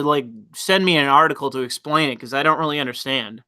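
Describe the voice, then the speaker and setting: Blunt, bright-voiced male livestream host. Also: fairly high pitch, steady tone, a little fast, smooth, no echo. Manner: blunt, reads chat messages aloud, frequent fillers and restarts. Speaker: livestream host reading chat. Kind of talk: casual livestream commentary.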